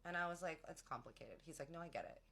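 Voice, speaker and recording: A woman's voice: low voice, fast, creaky. A young woman casually telling a long personal story, chatty and slangy, acting out what everyone said. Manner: chatty, animated, acts out quotes of friends; slangy, many "like"s.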